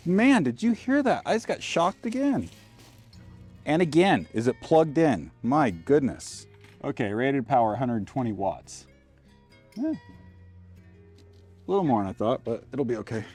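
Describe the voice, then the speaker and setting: A man's voice: medium pitch, very animated, a little slow, long pauses, a little mellow, slightly rough, soft background music. A man vlogging from inside his RV, talking casually to himself and his viewers while he works, grumbling and folksy, into a handheld mic. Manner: folksy and informal. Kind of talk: casual vlog talk.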